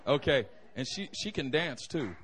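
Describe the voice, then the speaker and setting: Lively high-voiced man preaching with jokes. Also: moderate pace, a little hiss or hum. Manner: animated, joking with the congregation. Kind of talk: humorous sermon storytelling. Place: church sanctuary.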